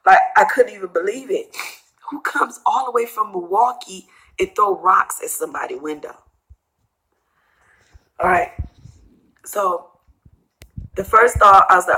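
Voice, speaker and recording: A woman's voice: mid-range voice, a little slow, pauses often, low-quality recording. Tearful middle-aged woman telling her story. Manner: rambling, repeats herself, quotes others in hushed asides. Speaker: vlogger telling a personal story. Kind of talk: emotional storytime vlog.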